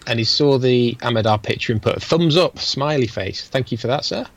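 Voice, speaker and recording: A man co-hosting a podcast, reading out listener messages in a dry, low-key manner with frequent murmurs of agreement. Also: a little fast. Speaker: podcast co-host. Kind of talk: casual chat, reading listener feedback.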